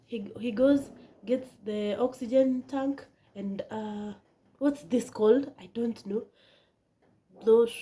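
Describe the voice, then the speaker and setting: A woman tells a personal story to her viewers in a casual vlog. Her voice sits a little high but has a mellow, soft-edged tone. She talks dramatically and keeps sinking into hushed whispers. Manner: animated, dramatic, drops into whispers. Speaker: vlogger.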